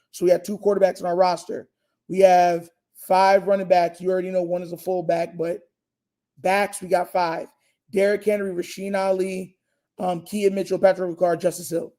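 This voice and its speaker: A man's voice: high voice, mellow. A young man hosting a fan live stream, talking casually and emphatically, repeating his points and using slang. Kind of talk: casual live reaction chat.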